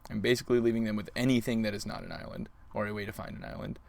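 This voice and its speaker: A man with a low-leaning voice full of vocal fry races through commentary on his card game during a live stream. Chatty and playful, he addresses his opponent and the viewers.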